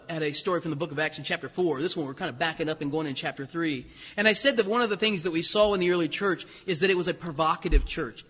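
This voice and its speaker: Male pastor, bright husky voice, lively storytelling sermon in a reverberant church hall. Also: sits high. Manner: animated storytelling, conversational asides. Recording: echoey hall with long reverb.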